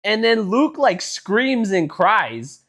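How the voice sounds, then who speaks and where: A man co-hosting a casual podcast, telling stories with a lot of swearing and swinging between loud outbursts and low mutters. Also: sing-song, slow pace. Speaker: podcast co-host. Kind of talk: casual chat.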